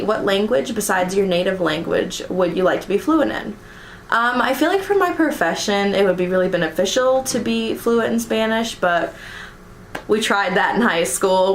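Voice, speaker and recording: A woman's voice: medium pitch, roomy sound, a little hiss or hum. A young American woman vlogger chatting casually through a list of questions, giggling often and filling with ums and likes. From United States. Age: young adult. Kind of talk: casual chat reading tag questions.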